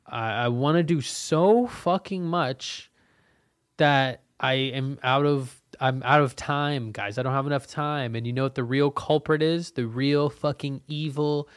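A man's voice: medium pitch, measured pace, clear, resonant tone, dry recording. Young male podcast host, rambling, profane, casual solo monologue, dry close sound. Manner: rambling and profane, frequent fillers; frustrated venting. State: cold and soaked.

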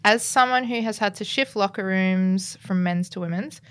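A woman hosting a podcast interview, chatting casually and encouraging her guest. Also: medium pitch. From Australia. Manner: encouraging, chatty, quick to laugh along. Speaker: podcast host.

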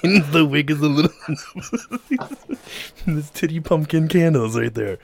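A man's voice: fairly high pitch, expressive, slow, gravelly, slight background noise. A man chatting as a podcast guest, joking and laughing often. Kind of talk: casual podcast chat.

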